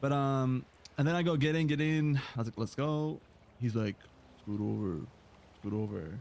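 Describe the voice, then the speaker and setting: A man in a game roleplay, hoarse today, telling a rambling, aggrieved story of events. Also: mid-range voice, normal speed, darkish tone, slight background noise. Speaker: roleplay gamer.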